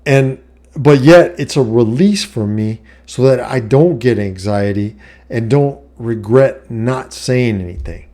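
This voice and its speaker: Slow and warm, with a medium pitch, the voice belongs to a middle-aged vlogger giving life advice. Talking casually to camera, he's blunt about his life, swears plenty, and asks "you know what I mean" after almost every point.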